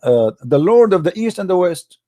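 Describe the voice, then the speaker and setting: A man's voice: high-pitched, big pitch swings, normal speed, dark tone, dry recording. Argumentative man, dry close sound. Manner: argumentative, mocking, challenging. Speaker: host. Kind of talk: debate on a live call-in stream.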